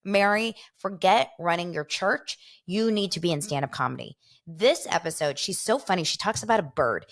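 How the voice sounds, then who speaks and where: A woman's voice: on the low side, animated, moderate pace, few pauses. A woman hosting a casual show, rambling through gossipy commentary and laughing often. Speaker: host.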